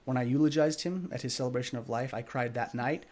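A male podcast host sharing a personal story in conversation. His voice sits at an ordinary middle pitch for a man. He talks in an earnest, reflective way and leaves his sentences loose with plenty of "like"s. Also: fast, darkish tone.

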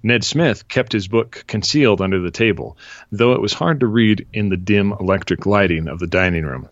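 A man hosting a podcast, chatting and reading a story excerpt aloud in a steady, measured way. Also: fairly low pitch, no room sound, dull audio. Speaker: podcast host. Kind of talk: casual chat and reading aloud.

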